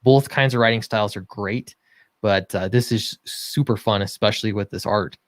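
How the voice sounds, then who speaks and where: A man's voice: on the low side, normal speed, dry recording. A man who writes comics, co-hosting a casual livestream and explaining his work with enthusiasm and a lot of "uh"s. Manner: enthusiastic explaining with many fillers. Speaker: comic book writer and co-host.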